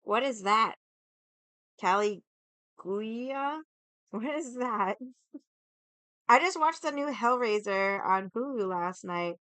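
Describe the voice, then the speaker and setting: A young woman livestreaming in casual chat, hoarse from yelling and rambling with lots of "like". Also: on the high side, takes it slowly, dry recording. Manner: rambling, heavy use of "like".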